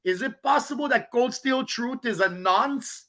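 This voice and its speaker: A livestream host out on a rainy walk rants about a rival, mocking him with profane jokes and laughing. His voice is very high, pushed and bright, and a little slow.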